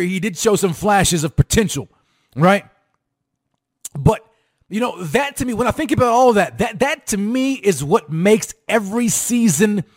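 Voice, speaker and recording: A man hosting a sports talk show, hyped and repetitive, with sing-song emphasis as he calls out to his fans. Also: sits high. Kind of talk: fired-up sports commentary to fans.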